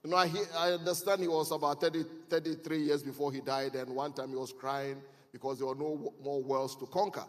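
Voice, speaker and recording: A high-pitched man in middle age speaks to a crowd as a conference speaker, leaning into stories and rising to loud, emphatic exhortation. His voice rings through a large hall with a long reverb tail. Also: fairly even intonation, a little fast. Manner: storytelling, building to loud emphatic preaching. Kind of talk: motivational speech.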